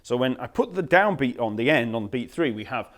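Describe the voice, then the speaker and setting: Man counting out bass rhythms. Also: fairly quick, slight background noise. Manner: counts rhythms aloud and scats beats; relaxed, patient explaining with fillers. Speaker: bass teacher. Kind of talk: instructional bass lesson. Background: bass guitar playing.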